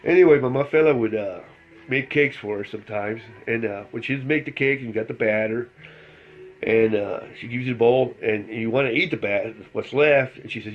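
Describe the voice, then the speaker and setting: Middle-aged El man, Spanish; casual rambling storyteller who chuckles often; average pitch; muffled lo-fi recording. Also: a little fast. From El Paso, Texas. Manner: rambling, chuckles through the telling. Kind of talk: casual anecdote telling. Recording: slightly dull lo-fi recording.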